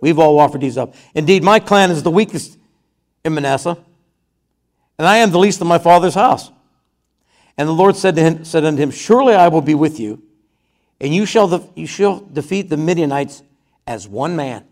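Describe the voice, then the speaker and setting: A man's voice: a little high, expressive, moderate pace, pauses often. A man preaching a conversational sermon, reading scripture aloud and then retelling it in his own words.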